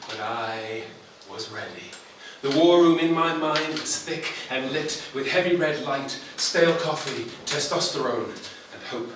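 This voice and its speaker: A man's voice: medium pitch, measured pace, hardly any pauses. A man performing comic spoken-word poetry at a poetry slam, with a dramatic, wry, theatrical delivery, recorded far off in a noisy, echoey live venue. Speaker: slam poet.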